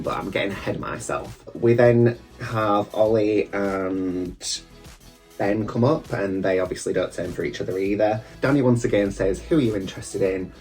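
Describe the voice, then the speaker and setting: A man's voice: lowish voice, normal speed, a little mellow, faint music behind. A man, a drag queen, chatting casually and campily with rambling asides as he reviews a TV show while getting ready at a mirror. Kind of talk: casual reaction chat.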